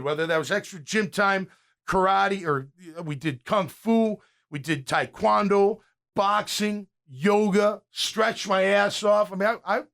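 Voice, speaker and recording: Fired-up high-voiced man in his fifties. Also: gravelly, a bit bright. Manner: fired-up, ranting, with frequent restarts. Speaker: podcast host and former pro linebacker. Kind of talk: casual sports talk.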